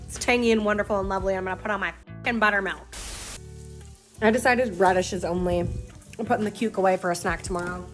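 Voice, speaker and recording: A woman's voice: medium pitch, quick pace, over music. A young woman talking casually and emotionally to camera in her home kitchen, swearing freely as she cooks and chats. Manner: profane, emotional, chatty. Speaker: vlogger. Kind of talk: casual vlog chat.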